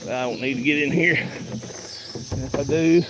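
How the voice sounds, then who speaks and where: A man's voice: medium pitch, noisy background. A man chatting casually to viewers while doing farm chores outdoors, a bit out of breath from hauling, filmed on a handheld phone. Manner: slow rural drawl, chatty asides to viewers. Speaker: farmer filming his chores. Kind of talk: casual vlog while working. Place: outdoors in a pasture.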